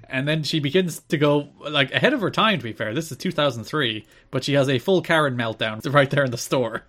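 Male podcast co-host, mid-pitched voice, casual storyteller who laughs easily. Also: fairly quick, few pauses, a bit bright. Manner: recaps events at length, laughing often. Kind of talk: casual chat.

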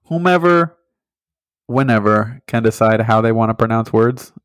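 A man's voice: medium pitch, moderate pace, no echo. A man with a lisp co-hosting a podcast, laid-back and joking, laughing often. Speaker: podcast co-host. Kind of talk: casual chat.

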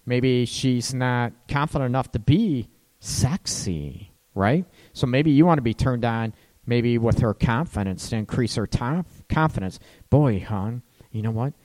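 A man chats loosely with listeners about relationships, laughing at his points and frequently adding "right?" His medium-pitched voice is animated and a little mellow, and he keeps a measured pace.

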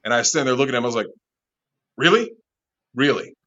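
A lively man spins a wild bar story, laughing through it and cursing freely. His voice sits at an ordinary pitch. The recording is dull and lo-fi. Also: racing. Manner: animated, laughing, swearing often. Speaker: interview guest, bar manager. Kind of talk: casual storytelling.

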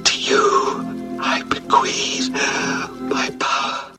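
An actor playing an ancient, dying male warlock who reads his will in a gurgling, gravelly voice, heard from an old film soundtrack. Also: mid-range voice. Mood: solemn menacing. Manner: slow solemn monotone intoning. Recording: echoey old film soundtrack with loud music.

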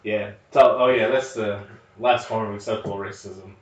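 A man's voice: fairly low pitch, steady tone, moderate pace. A man chatting loosely on a movie podcast, his slightly nasal voice rambling through fillers and laughter. He sits back from the mic in a roomy, echoing space, and the sound is a little dull. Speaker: podcast co-host. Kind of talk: casual movie podcast banter. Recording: roomy, distant, dull home recording.

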